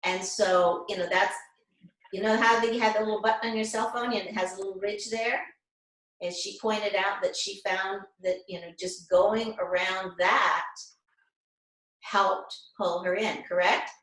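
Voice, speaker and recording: A woman leads an online class over a video call, explaining each step gently and checking in with her students. Her voice sits at an ordinary middle pitch. The room around her adds a clear echo. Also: fairly even intonation, a little slow. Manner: gentle, guiding explanations with frequent check-ins. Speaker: class instructor.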